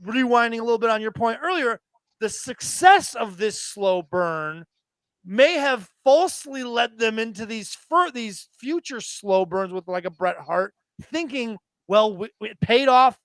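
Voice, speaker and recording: A man in his thirties co-hosting a wrestling podcast, telling stories with excited, profane enthusiasm. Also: extremely high pitch, measured pace, smooth, no room sound. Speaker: podcast co-host. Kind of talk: casual wrestling chat.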